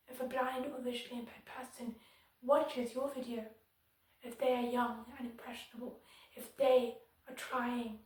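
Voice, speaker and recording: A woman's voice: a little high, far from the mic. A woman giving firm, earnest advocacy commentary to viewers as a vlogger. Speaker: disability vlogger. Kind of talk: direct-to-camera advocacy commentary. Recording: very echoey room, voice somewhat off-mic.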